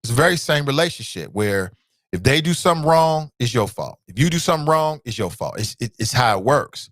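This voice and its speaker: A man hosts a call-in talk show. He talks in a blunt, emphatic way and circles back to repeat his points. His voice sits at a middling pitch, and the sound is dry with no room around it. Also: animated, a little fast, fairly bright tone, no room sound. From United States.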